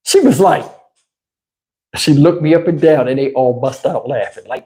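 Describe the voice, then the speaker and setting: A man telling a profane road story on his channel, animated and cussing, acting out everyone involved. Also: on the high side, normal speed, long pauses. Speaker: channel host.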